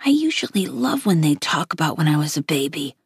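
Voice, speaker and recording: A woman reading a children's novel aloud in a steady storytelling manner. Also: low voice, a little fast, slightly rough, dry recording, clean studio sound. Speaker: reader.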